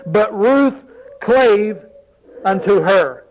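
A man's voice: high voice, animated, drawn-out words, poor audio. A man preaching a sermon, reading scripture aloud and pressing the congregation with rhetorical questions.

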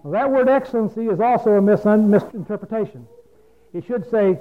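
A man's voice: high-pitched, fairly quick. A man preaching a folksy, plain-spoken sermon, often asking his listeners questions. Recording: phone-like lo-fi radio broadcast.

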